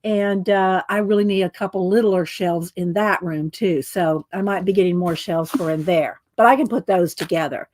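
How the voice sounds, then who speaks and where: A woman's voice: lowish voice, moderate pace, hardly any pauses, darkish tone. A middle-aged woman hosting a casual livestream, chatting in a rambling way, laughing often and greeting her viewers. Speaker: livestream host.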